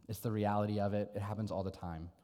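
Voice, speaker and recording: A man's voice: fairly low pitch, steady tone, quick pace, mellow. Earnest male preacher in a reverberant hall. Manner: conversational, earnest, rhetorical questions. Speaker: pastor. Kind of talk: sermon.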